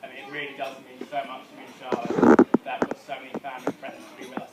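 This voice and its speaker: A man's voice: medium pitch, completely flat delivery, rapid-fire, very noisy. A man speaking as the groom, thanking the guests with earnest gratitude. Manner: grateful, earnest. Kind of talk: wedding thank-you speech. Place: wedding reception hall. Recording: echoey hall from far off, loud ambience.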